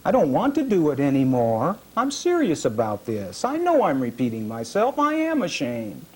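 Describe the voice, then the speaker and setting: A man reading his own first-person fiction aloud at a literary reading, measured and dramatic, with heavy pauses. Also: medium pitch, wildly swooping pitch, darkish tone, slightly rough. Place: reading series event.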